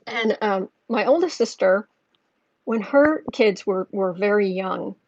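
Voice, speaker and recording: A woman's voice: mid-range voice, lively intonation, slow, darkish tone, no room sound, highs cut off. A woman talking through a tarot reading in a loose, rambling way, with lots of restarts. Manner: rambling, chatty storytelling with restarts. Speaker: tarot reader. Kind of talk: casual tarot reading monologue.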